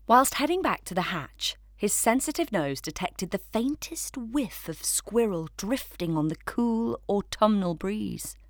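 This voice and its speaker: A woman narrating a children's story in a gentle, measured way. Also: medium pitch, lively intonation, no room sound, studio quality.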